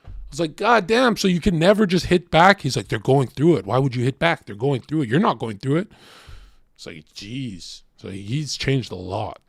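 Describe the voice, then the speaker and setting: A man's voice: medium pitch, animated, fairly quick, gravelly, hardly any pauses, breathy edge, dry recording, clean studio sound. A man hosting a podcast, telling stories bluntly and swearing freely. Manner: blunt, profane storyteller. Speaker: podcast host. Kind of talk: casual podcast chat.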